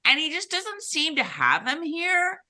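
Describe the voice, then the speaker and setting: A woman's voice: sits high, wildly swooping pitch, unhurried, pushed and bright. A woman co-hosting a casual TV recap, chatty, with many fillers and restarts. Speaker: podcast co-host.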